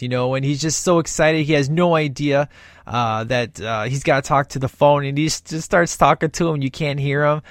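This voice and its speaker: A man's voice: medium pitch, no echo, studio quality. A man chatting casually about a movie he loves, enthusiastic and rambling, often acting out quoted lines. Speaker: movie reviewer.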